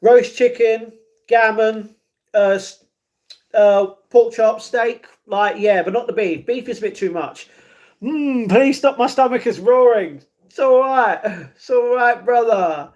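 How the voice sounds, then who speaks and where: A man chatting casually on a live stream, reading chat messages, laughing often and trailing off quietly. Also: extremely high pitch, takes it slowly.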